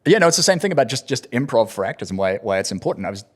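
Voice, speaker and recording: A man, an actor guest on a podcast, telling anecdotes in an animated way and teasing dryly. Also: medium pitch, rapid-fire. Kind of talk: casual interview storytelling.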